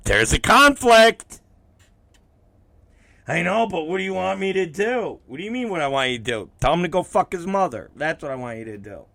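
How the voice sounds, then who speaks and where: A man's voice: on the high side, lively intonation, fast, vocal fry, few pauses, no echo. A man hosting his own show, talking casually and swearing often while acting out both sides of conversations he has had. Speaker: podcast host. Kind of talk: casual profane monologue.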